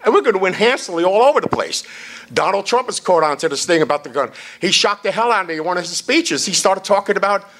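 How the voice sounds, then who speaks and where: A man's voice: sits high, animated, fast talker, a bit bright. A man chairing a party event, giving a blunt, salty, off-the-cuff rally speech.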